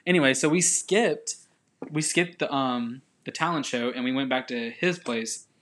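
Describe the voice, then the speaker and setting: A man's voice: medium pitch, moderate pace. Young man telling a rambling story. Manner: rambling, animated, laughs through the story. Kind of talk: casual storytelling chat.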